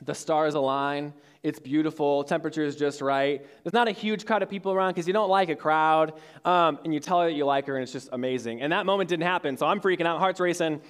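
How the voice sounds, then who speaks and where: A twenty-something youth speaker with a slightly high, clean voice talks fast, with hardly any pauses. Addressing young adults in a church hall with an audience, he tells a story in a casual sermon, using lots of fillers and restarts.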